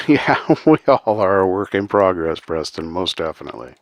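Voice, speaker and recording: A man's voice: low voice, expressive, normal speed, no echo, clean studio sound. A man hosting a casual livestream, talking earnestly to his chat with many ums and uhs and frequent chuckles. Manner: chuckles often, reads out chat names. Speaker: livestream host.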